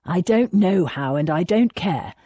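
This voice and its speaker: A woman's voice: animated, unhurried, mellow, breathy edge, no room sound. A woman reading an audiobook voices a guarded young naval officer who answers in short, clipped lines. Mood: curt. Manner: curt, clipped, low.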